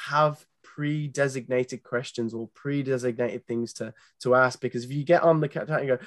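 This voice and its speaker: A British man talks through his dating advice in a middle-pitched voice, earnest and animated, often restarting his sentences. He sounds close and dry, as if on a podcast mic with no room echo. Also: normal speed, hardly any pauses. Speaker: guest, dating company founder. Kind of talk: casual podcast interview.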